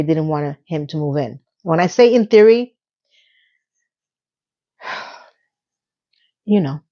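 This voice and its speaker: A woman recapping an episode in a casual, animated way, retelling scenes with quoted lines. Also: lowish voice, highs cut off. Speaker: recap vlogger.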